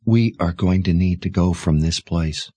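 A man voicing an earnest, worried young woman who speaks in hushed, pleading tones in a storybook reading. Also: fairly low pitch, moderate pace, no room sound, voice pushed up, natural voice.

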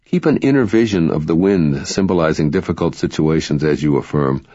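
A man reading spiritual self-help narration in a calm, measured, instructive way. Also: extremely low pitch, no echo. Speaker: audiobook narrator. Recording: dry, dull lo-fi recording.

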